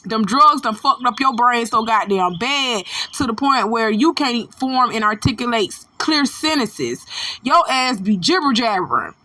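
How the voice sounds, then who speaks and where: A woman's voice: a little high, lively intonation, measured pace, bright, forceful tone, no echo. A middle-aged woman from Florida with a North Florida Southern accent, giving blunt, profane commentary. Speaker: commentary host. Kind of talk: casual commentary.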